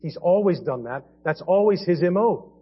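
A man preaching a sermon as pastor, earnest, swinging between quiet and emphatic passages. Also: sits high, lively intonation, moderate pace, husky. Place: church sanctuary. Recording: dull lo-fi church audio.

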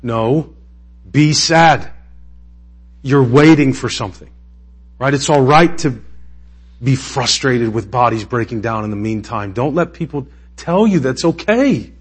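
A husky-voiced man preaches from the pulpit in a loose, conversational way. His voice sits in a middle register, and it turns emotional and climbs into impassioned peaks. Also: medium pitch, lively intonation, unhurried. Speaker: pastor. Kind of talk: sermon.

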